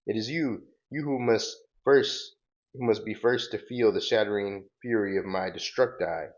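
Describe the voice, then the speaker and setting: A man's voice: fairly low pitch, moderate pace, highs cut off, natural voice. A man voicing a grandiose, menacing male robot villain while reading a comic book aloud.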